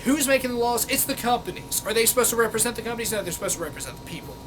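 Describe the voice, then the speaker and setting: High-voiced man in an angry, profane rant. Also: lively intonation, racing, background noise. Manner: profane, exasperated, sarcastic. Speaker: vlogger. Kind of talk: angry rant reading out comments.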